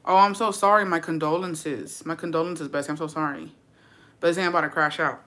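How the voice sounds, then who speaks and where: A woman's voice: sits low, fairly even intonation, brisk, fairly bright tone. A young woman vlogger chatting casually to her viewers, slangy and profane, dropping in Spanish words. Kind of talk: casual chat to camera.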